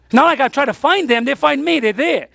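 A woman preaching with a gravelly edge to her voice that sits fairly high for her. She drives her sermon with repeated questions and firm answers, and the sound is dry and close. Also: animated, quick pace, fairly bright tone, no room sound. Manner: emphatic call-and-response questions. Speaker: pastor. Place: church.

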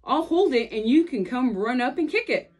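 A woman's voice: sits high, big pitch swings, normal speed, a little mellow, breathy edge, pitched above the performer's own voice, full character voice. A woman reading aloud and voicing a bossy, teasing little girl in a storybook. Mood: coaxing.

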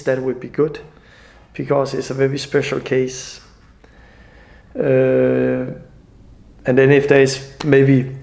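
Gravelly, tearful man, earnest and halting. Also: mid-range voice, darkish tone. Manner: earnest, halting, non-native phrasing. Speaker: evangelist. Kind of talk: emotional personal video message.

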